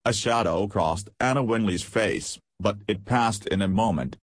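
A man narrating an audiobook in a measured, even storytelling manner. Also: on the low side, slightly rough, no echo. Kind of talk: scripted narration.

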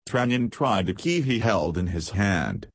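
A man narrating an audiobook in a steady, measured reading. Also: on the low side, no echo.

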